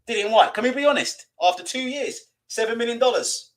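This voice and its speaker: A man's voice: very high-pitched, animated, fairly quick, few pauses, fairly bright tone. A man hosting a boxing livestream, ranting, swearing and reading out viewer comments, with mocking put-on voices. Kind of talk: live-stream rant and comment reading.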